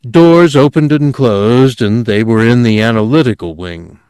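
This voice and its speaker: A man narrating a story in a measured, even reading. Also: medium pitch, clean tone, dry recording, clean studio sound. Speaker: audiobook narrator. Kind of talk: scripted narration.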